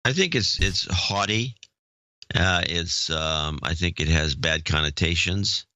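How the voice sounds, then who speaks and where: Deep, bright-toned male co-host. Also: measured pace, no echo, highs cut off. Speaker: podcast co-host. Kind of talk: casual chat.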